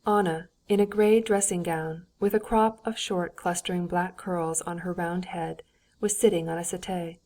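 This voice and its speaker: A woman narrating a classic novel as an audiobook in an even, measured storytelling manner. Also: on the low side. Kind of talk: scripted narration.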